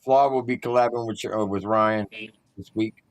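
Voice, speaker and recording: A man's voice: lowish voice, fairly even intonation, normal speed. A man co-hosting a casual podcast, laughing and retelling his friends' jokes. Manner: giggly, retelling jokes with mimicry. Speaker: podcast co-host. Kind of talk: casual group banter.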